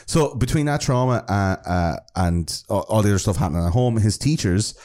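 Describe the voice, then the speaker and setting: Low, mellow Irish man chatting. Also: expressive, a little fast. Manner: loose, sweary, storytelling. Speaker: podcast co-host. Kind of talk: casual true-crime chat.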